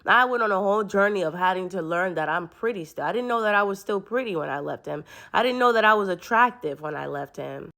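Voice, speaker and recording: A woman's voice: medium pitch, expressive, fast talker, creaky, hardly any pauses, a bit bright. A woman telling a personal story to camera in an earnest, rambling way, often restarting her sentences. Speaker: vlogger.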